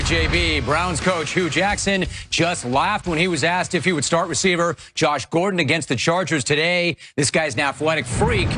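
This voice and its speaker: A male reporter with a slightly high voice gives punchy, opinionated takes. He is recorded outdoors, with urban noise and passing vehicles clearly audible behind him. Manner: brash, punchy, editorializing. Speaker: sports reporter. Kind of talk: opinionated news segment.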